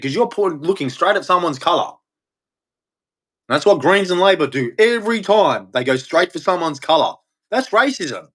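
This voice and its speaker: A man's voice: high-pitched, fairly bright tone. A man with an Australian accent delivering a heated, profane rant as host of a live stream. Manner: angry, profane, blunt ranting. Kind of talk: ranting monologue.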